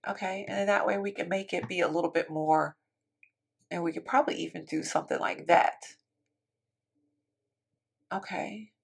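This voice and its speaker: A woman's voice: lowish voice, creaky, slightly rough. A woman giving casual, chatty commentary while building in a life-sim game, thinking aloud and talking to her viewers. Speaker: Sims building YouTuber.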